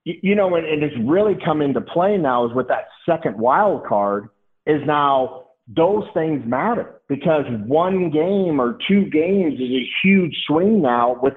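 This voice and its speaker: A middle-aged man speaking as a podcast guest, rambling in casual chat. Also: on the high side. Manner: rambling, many fillers and restarts. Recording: tinny phone-like line.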